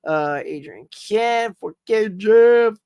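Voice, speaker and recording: A man's voice: sits high, animated, slow pace, a little mellow, clean tone, no room sound, studio quality. A man hosting a casual live stream, rambling cheerfully, greeting viewers and reading their comments, often saying "y'all" and "man.".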